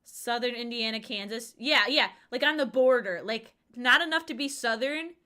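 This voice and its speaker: Chatty thirties woman streamer, bright, rambling, playful. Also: a little high, moderate pace. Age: 30s. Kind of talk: casual livestream chat.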